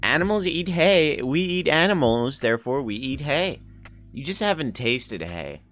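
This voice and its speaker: Over faint background music, a young live streamer talks with a slightly high, fairly bright and very animated voice. His casual chat responds to what viewers type, and he's playful and rambling, quick to laugh and to start joking arguments.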